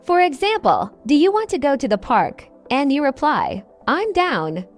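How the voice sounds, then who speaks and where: A woman's voice: high-pitched, big pitch swings, moderate pace, soft background music. A woman co-hosting a scripted English lesson podcast, upbeat and explaining phrases with examples. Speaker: co-host and English teacher.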